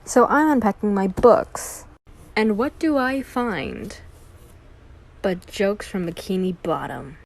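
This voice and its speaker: A woman's voice: medium pitch, takes it slowly, gravelly, slight background noise, low-quality recording. A woman reading corny jokes aloud and groaning at her own puns. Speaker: joke teller.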